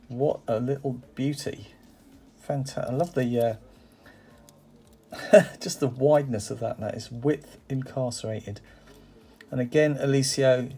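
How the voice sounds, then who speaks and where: In a mellow, slightly rough mid-range voice, a toy car collector reviews a parcel of die-cast cars. He chats casually and enthusiastically as he unboxes them, exclaiming often and using many fillers like "uh" and "um."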